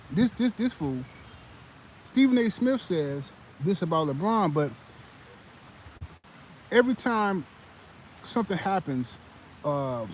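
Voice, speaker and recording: Male sports channel host, fired-up rant, slightly high voice, faint noise behind. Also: rough recording. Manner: animated, heated, many fillers and restarts. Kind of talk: live-stream sports commentary.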